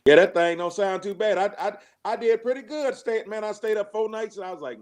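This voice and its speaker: A man's voice: sits high, a little fast. A middle-aged man, a guest musician and producer, talking in casual interview chat with an emotional, preachy way of testifying and a constant "you know what I mean.".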